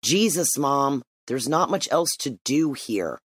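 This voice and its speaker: A man's voice: mid-range voice, lively intonation, slow, fairly bright tone, slightly rough, heavily acted. A storybook narrator voicing a defiant seventeen-year-old boy pushing back at his mother. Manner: defiant, impatient.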